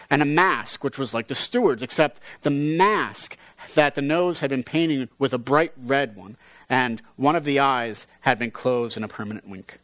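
A man reading a story aloud in a measured voice, then teaching on it earnestly. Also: medium pitch, fairly bright tone, no echo.

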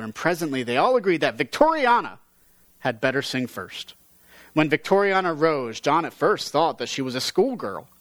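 A man reading a story aloud in a measured voice, then teaching on it earnestly. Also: on the high side, fairly bright tone, no room sound.

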